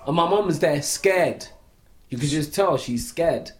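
A man's voice: a little high, lively intonation, measured pace, a little hiss or hum. A man, telling a long story in a casual podcast chat, full of "like" fillers. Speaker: podcast co-host.

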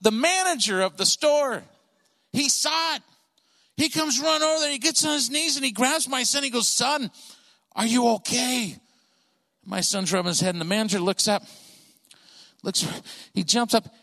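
High, bright-voiced man telling a comic story. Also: normal speed. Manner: animated, acts out the people in his stories. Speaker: comedian. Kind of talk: stand-up storytelling. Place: church auditorium. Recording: long reverb of a large hall.

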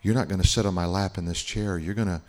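A man voicing a tender, loving Jesus who speaks softly and gently to a child during a guided meditation. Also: low voice, steady tone, fast talker, close to an everyday voice. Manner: soft, hushed and gentle.

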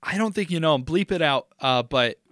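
Young man, slightly high voice, joking rambling talk, dry close sound. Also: expressive, fairly quick, a bit bright, no room sound. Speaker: podcast co-host. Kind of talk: casual chat.

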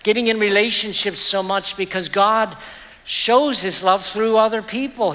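Bright-voiced male pastor preaching. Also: high voice. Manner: storytelling, earnest and personal. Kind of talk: sermon. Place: church. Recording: reverberant church hall.

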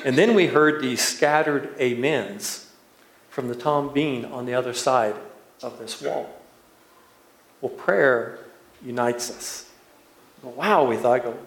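Man, preacher, slow unhurried sermon storytelling, roomy church echo. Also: medium pitch. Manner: unhurried storytelling, building to laughter. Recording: echoey church room.

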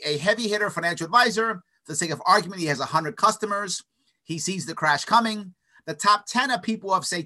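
With a high, bright voice that leaps around in pitch, a man talks at length as an interview guest. His opinionated, animated monologue is full of stuttered restarts. He repeatedly checks in with quick tags of "right?"

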